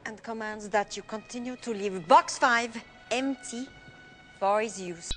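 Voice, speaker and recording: An actress playing a stern middle-aged ballet mistress with a put-on French accent and a clipped, theatrical delivery. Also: female voice, a little high, unhurried, a bit bright, soft background music. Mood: solemn.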